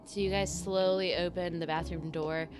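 A woman's voice: on the low side, steady tone, moderate pace. A woman running a tabletop role-playing game as game master, narrating in a loose, playful way. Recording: background music.

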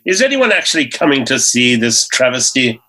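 A man's voice: medium pitch, very animated, moderate pace, bright, forceful tone. A man playing a pompous, indignant stage actor in a comedy drama. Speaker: actor in the play.

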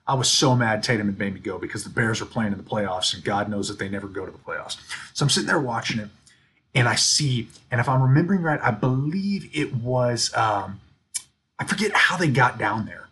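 A man co-hosting a sports podcast, telling stories in an animated, ranting way. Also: mid-range voice, brisk, breathy edge. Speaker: podcast co-host. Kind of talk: casual sports chat.

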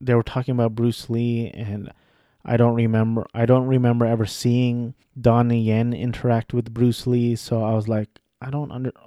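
A man's voice: mid-range voice, little pitch movement, normal speed, mellow, no room sound, dull audio. Rambling young man chatting about movies. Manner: rambling, self-correcting, offhand. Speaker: vlogger. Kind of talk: casual film chat.

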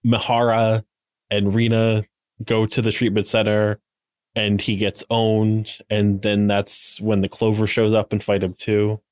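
A man's voice: on the low side, completely flat delivery, a little slow, darkish tone, no echo, clean studio sound. A man co-hosting a podcast, retelling episode events in a loose, filler-heavy way. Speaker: podcast co-host. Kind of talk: casual episode recap.

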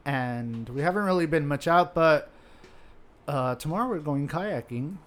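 A man's voice: on the high side, animated, unhurried, fairly bright tone. A man from South Florida co-hosting a casual podcast, upbeat and giggly, leading the segments. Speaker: podcast co-host. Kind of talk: casual chat.

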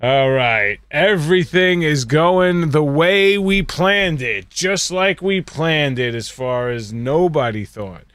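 A man's voice: on the high side, takes it slowly, few pauses, clean tone, dry recording. A man hosting a podcast on a video call, chatting casually and joking around. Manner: lively, animated, joking. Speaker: podcast host. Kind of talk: casual chat.

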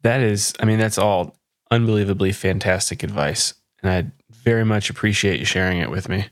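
A man's voice: lowish voice, fairly quick, dry recording, studio quality. A man hosting a podcast, asking a guest questions in a casual chat. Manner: brief affirming interjections. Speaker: podcast host.

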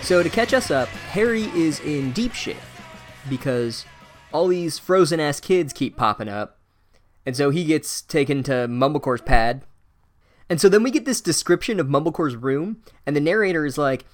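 A man hosting a podcast, recapping a book in a profane, sarcastic, animated way. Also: fairly high pitch, moderate pace, faint music behind. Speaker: podcast host.

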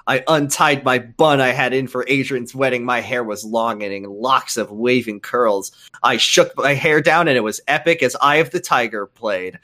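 A woman's voice: rumbling low, moderate pace, fairly bright tone. A woman co-hosting a podcast, theatrically reading a story aloud with lots of laughing. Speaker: podcast co-host. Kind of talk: comedic dramatic reading of a story.

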